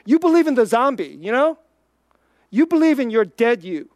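A preacher giving an informal, conversational sermon, chatty and full of "like", swinging between quick bursts and slow, quiet emphasis. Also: mid-range voice, sing-song, dry recording.

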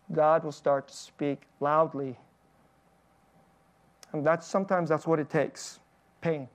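A pastor giving a conversational sermon at a church service, chuckling between points and putting direct questions to the congregation. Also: medium pitch.

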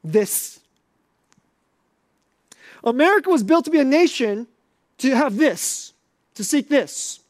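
A man's voice: very high voice, animated, slow, long pauses, no echo, clean studio sound. A man preaching a sermon to a live audience in a conversational, questioning way.

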